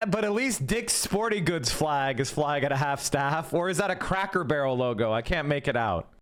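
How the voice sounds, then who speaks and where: A man's voice: on the high side, animated, normal speed, fairly bright tone. A man streaming live, reacting to clips with sarcastic, profane commentary for his chat.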